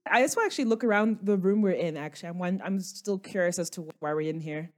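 A woman's voice: on the low side, quick pace, a little mellow. A woman playing a tabletop game, describing what her character does. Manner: chatty, describes actions. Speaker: player.

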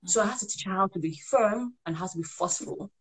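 A woman who writes and parents gives sincere parenting advice conversationally on a live show, her medium-pitched voice quick and slightly rough. She tends to repeat herself as she explains.

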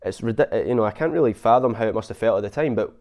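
A Scottish man hosting a casual football podcast, talking with many halting restarts. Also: on the low side, darkish tone. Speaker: podcast host.

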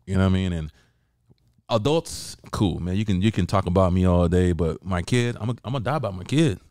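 A man co-hosting a sports podcast, talking in an excitable, profane rant. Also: deep voice, fairly quick, dry recording, studio quality. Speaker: podcast co-host. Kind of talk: casual sports chat.

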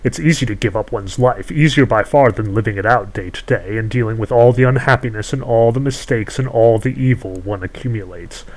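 A man's voice: fairly low pitch, a little fast, few pauses, darkish tone, close to an everyday voice, poor audio. Man playing a cool, condescending sorceress; haggling storybook villain. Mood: scornful. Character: scheming ageless sorceress woman who trades in stolen youth.

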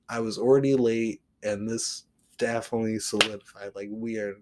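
A man's voice: fairly low pitch, level tone, fairly quick, darkish tone. A man from the Portland area hosting a podcast, telling a story casually with lots of swearing and filler words. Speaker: podcast host.

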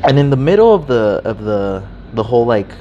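A young man casually telling a story, animated and swearing freely, acting out the people in it. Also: mid-range voice, brisk, lo-fi sound, a little hiss or hum. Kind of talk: casual chat.

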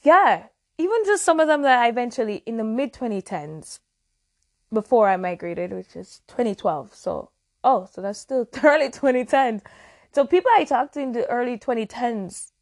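A woman's voice: on the high side, expressive, moderate pace, a little mellow. A woman in her early twenties from Jamaica, hosting a casual solo podcast in a rambling, reflective way that keeps correcting itself. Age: early 20s. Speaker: podcast host.

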